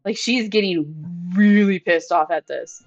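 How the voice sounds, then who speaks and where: A woman's voice: fairly low pitch, a little slow. A woman playing in a tabletop game, talking casually and animatedly. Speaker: player. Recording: dry dull lo-fi recording with faint music.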